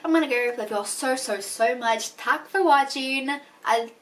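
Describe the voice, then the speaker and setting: Chatty young woman vlogging, somewhat high voice. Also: moderate pace, recorded from a distance. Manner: chatty, bubbly, laughs at herself. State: out of breath. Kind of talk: casual vlog chat.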